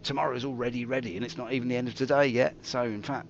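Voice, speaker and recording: A man streaming a game, telling theatrical, jokey stories with big swings in pitch. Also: quick pace, vocal fry, hardly any pauses, highs cut off, background noise. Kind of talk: rambling live-stream commentary.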